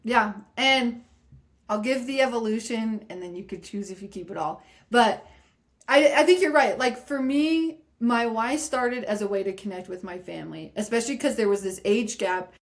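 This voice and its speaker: A woman guest on a podcast, telling a story in a lively way and acting out the voices of people she quotes. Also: on the high side, normal speed. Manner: animated, acts out quoted voices. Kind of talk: casual storytelling interview.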